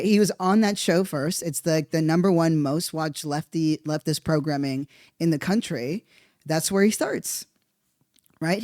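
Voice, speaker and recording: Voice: mid-range voice, a little mellow, no echo. Rambling profane podcast host, dry mic. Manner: rambling, profane, thinks aloud with many "right?" tags. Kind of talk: casual monologue commentary.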